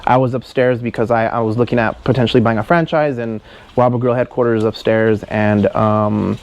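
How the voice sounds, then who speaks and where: A man's voice: medium pitch, steady tone, fairly quick, a little mellow, muffled recording. A man in his thirties, a guest telling a story in casual chat, rambling and full of "you know" and "right".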